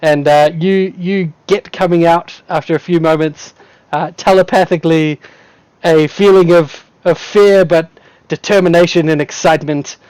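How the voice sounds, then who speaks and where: A man's voice: on the high side, fairly even intonation, normal speed, a little mellow, smooth, dry recording, rough recording. Laughing man narrating a tabletop game. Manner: casual, laughs often, vivid storytelling. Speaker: game master.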